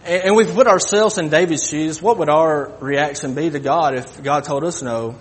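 A man preaching a sermon, halting and folksy, often repeating his words. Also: a little high.

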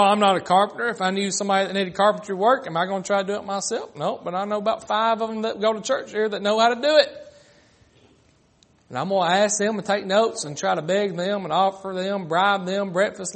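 A man's voice: sits high, steady tone, quick pace, fairly bright tone. A man preaching a sermon, acting out the mocking voices of critics.

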